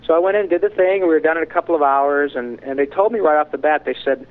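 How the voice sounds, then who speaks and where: A man's voice: a little high, fast. Candid man telling stories over a tinny phone line. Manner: candid, animated anecdotes with frank asides. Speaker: voice actor guest. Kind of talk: casual interview storytelling.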